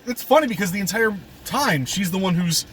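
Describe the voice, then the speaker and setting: A man with a high voice co-hosts a laid-back podcast, laughing often as he retells movie scenes with quick quoted lines. A faint noise runs behind him. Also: expressive, fairly bright tone. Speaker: podcast co-host. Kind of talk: casual movie review chat.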